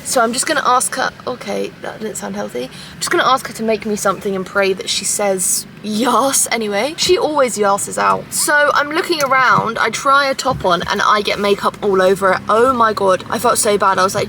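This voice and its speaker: A woman's voice: fairly high pitch, normal speed, sharp tone. Young woman, casual car vlog, sweary storytelling, self-mocking, noisy traffic behind. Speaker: vlogger. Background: road and engine noise.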